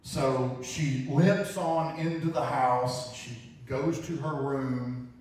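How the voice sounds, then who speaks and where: A male preacher tells a story from the pulpit with earnest, vivid storytelling, circling back on his own words. His voice sits at a middling pitch. The recording is caught from well back in a strongly echoing church sanctuary. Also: slow pace, darkish tone. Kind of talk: sermon storytelling illustration. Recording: very echoey hall, mic far off.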